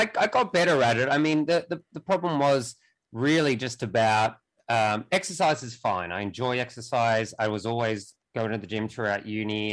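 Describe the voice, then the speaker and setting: A young man talking as a podcast guest in casual conversation, halting and often restarting his sentences. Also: lowish voice, low-quality recording. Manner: halting, with many restarts and repeated words.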